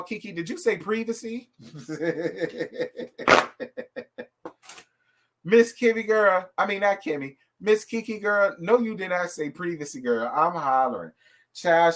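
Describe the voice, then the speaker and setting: A man hosting a casual live review from home, talking in a sassy, animated, gossipy way and calling his viewers y'all and girl. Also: sits high. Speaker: host of a reality TV live review show.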